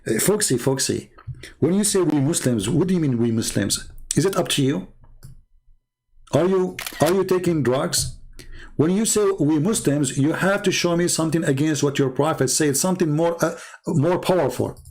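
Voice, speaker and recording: Combative man, rather high voice. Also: darkish tone. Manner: mocking, argumentative, rapid-fire rhetorical questions. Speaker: livestream debate host. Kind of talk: combative livestream commentary.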